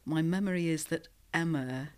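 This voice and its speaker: Low-voiced gentle woman interviewer. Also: moderate pace. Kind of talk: interview questions.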